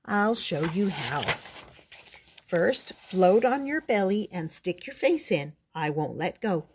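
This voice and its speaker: A woman's voice: on the low side, big pitch swings, slow pace, husky, heavily acted. A woman voicing a patient mother frog who coaxes her young son, for a storybook reading. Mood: coaxing. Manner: coaxing, encouraging.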